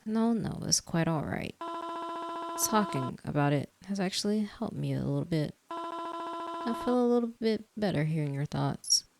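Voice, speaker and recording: Woman reading a grieving game mother, soft and mournful, slow, noisy recording. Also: mid-range voice, very animated, gravelly, voice pushed up. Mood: soothed. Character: grieving middle-aged mother, gentle, tearful. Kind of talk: reading game dialogue aloud.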